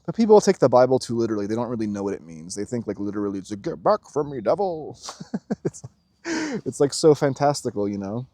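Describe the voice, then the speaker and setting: A man hosting a casual spiritual monologue, rambling and swearing, acting out quotes in animated voices. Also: fairly low pitch, fast talker, no echo. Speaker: spiritual video host.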